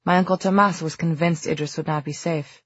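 An audiobook reader voicing a composed young woman from Mexico who speaks in a measured, formal, slightly wistful way. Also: low voice, fairly even intonation, slightly rough, no echo, dull audio.

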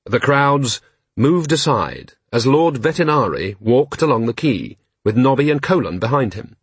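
A man narrating an audiobook in an expressive, wry storytelling manner. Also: mid-range voice, measured pace, breathy edge, dry recording.

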